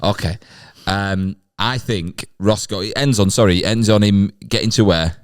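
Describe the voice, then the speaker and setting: A man's voice: on the low side, moderate pace, clear, resonant tone. A man hosting a podcast who builds a comedy bit in loose, rambling, hesitant chat.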